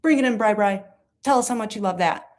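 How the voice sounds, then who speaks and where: A sugary, condescending lawyer coos and wheedles at a client. She calls him "honey" in a sing-song tone, as a woman mocks her in a spoken commentary. The voice sits a touch high for a woman. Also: measured pace, close to an everyday voice. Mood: mock-sweet. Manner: sing-song, mockingly sweet, cooing. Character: syrupy, patronizing female lawyer coaxing a client.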